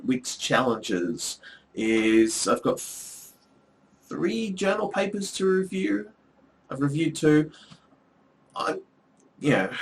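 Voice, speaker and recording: A man's voice: medium pitch, a bit bright. A middle-aged man, chatting casually to the camera in a rambling, wry way with lots of ums. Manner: rambling, chatty, with frequent ums and dry asides. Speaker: vlogger and academic.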